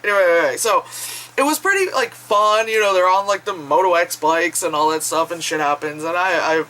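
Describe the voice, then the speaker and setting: Bright-voiced, foul-mouthed woman vlogger. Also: fairly low pitch, fairly quick, rough recording. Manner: chatty, swears freely, laughs often. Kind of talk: casual rambling vlog chat.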